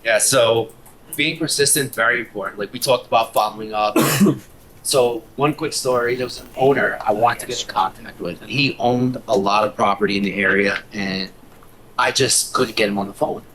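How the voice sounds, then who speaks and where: A man working as a broker, telling a lively anecdote to a workshop audience. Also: fairly low pitch, normal speed, slight background noise, rough recording. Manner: lively storyteller, acts out quotes.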